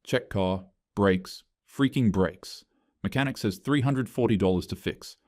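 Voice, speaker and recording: A man's voice: fairly low pitch, measured pace, darkish tone, no echo. A man narrating a scripted first-person story in short, dry, clipped phrases.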